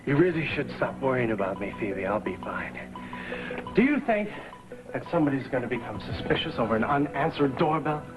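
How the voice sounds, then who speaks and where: An actor in a 1980s TV soap playing a smug, calm villain who threatens a woman. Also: medium pitch, quick pace, close to an everyday voice. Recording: muffled old TV broadcast with music.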